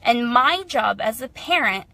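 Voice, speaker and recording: A woman's voice: on the high side, lively intonation, measured pace, bright, forceful tone. A woman in her thirties, a mother talking straight to camera in a casual vlog, chatty and growing heated and frustrated. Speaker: mother, vlogger.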